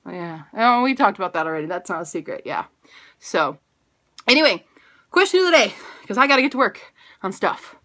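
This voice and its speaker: A woman's voice: medium pitch, very animated, brisk, long pauses, bright, forceful tone. A woman in her twenties talking casually in a video diary, bubbly, rambling and self-mocking. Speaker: vlogger.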